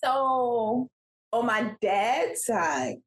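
A woman co-hosting a casual chat who laughs often. Her pitch swings widely and her talk is slow. The recording has a roomy echo. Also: expressive. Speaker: podcast co-host.

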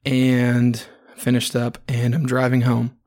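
A man with a gravelly, fry-laden voice tells a crude, rambling story on his podcast. He swears freely and talks in a loose, unscripted way at a middling pitch. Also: completely flat delivery, slow pace, darkish tone. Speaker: podcast host. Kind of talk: casual podcast monologue.

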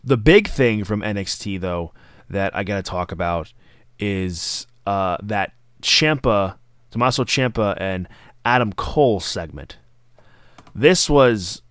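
A man's voice: fairly low pitch, lively intonation, slow pace, pauses often, a bit bright, smooth, no room sound, studio quality. A man hosting a podcast, reviewing wrestling events in a casual, enthusiastic monologue and sometimes acting out lines. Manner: enthusiastic, acts out quoted lines. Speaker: podcast host.

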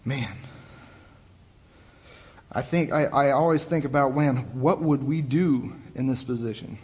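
Unhurried and mid-range, a young male youth pastor retells the story casually in a conversational sermon. He's animated and restarts himself at times, and the recording has the long reverb of a church hall.

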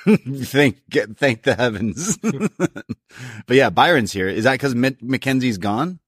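Man, podcast co-host, laughs a lot, lively pitch, dry sound. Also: a little slow, slightly rough, no echo. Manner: laughs often, blunt asides. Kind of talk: casual review chat.

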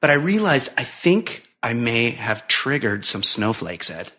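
A man's voice: mid-range voice, a little slow, breathy edge. A man in his forties, a podcast host, telling a story in casual chat with lots of swearing. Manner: profane, animated storytelling.

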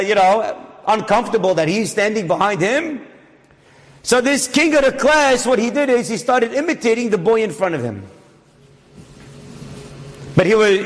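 A man telling a moral story as a sermon, dramatic, dropping low and hushed and then climbing to loud raised peaks. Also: in a large hall.

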